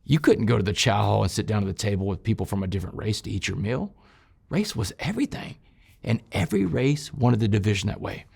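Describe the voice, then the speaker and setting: A man telling his personal story in an interview, shifting from loud, emphatic bursts to quiet, low passages and speaking straight to his listeners. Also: animated, quick pace, vocal fry, husky. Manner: addresses listeners directly as "y'all". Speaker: interview guest recounting his past.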